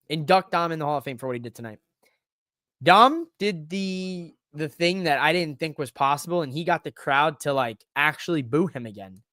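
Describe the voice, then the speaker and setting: A man hosting a podcast alone, talking in an excitable, rambling way that swears freely. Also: on the high side, no room sound, clean studio sound. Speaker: podcast host. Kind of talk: casual solo wrestling recap.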